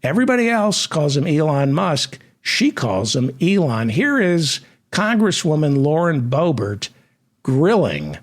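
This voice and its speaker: A man hosting a satirical news show, talking slowly with a husky edge. His pitch swings widely as he drops deadpan asides. The delivery stays dry and mocking. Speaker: comedy news host.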